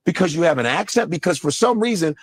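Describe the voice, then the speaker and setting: A Nigerian American man, a comedian, riffing profanely and slipping into quick voices. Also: fairly high pitch, animated, breathy edge, no echo. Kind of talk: stand-up style commentary in a clip.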